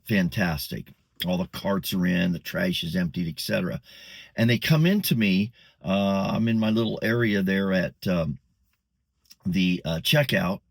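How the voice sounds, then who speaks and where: Chatty older man, low dry voice. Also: creaky, dry recording. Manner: chatty, rambling, with many fillers and restarts. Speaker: vlogger. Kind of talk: casual storytelling. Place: parking lot outdoors.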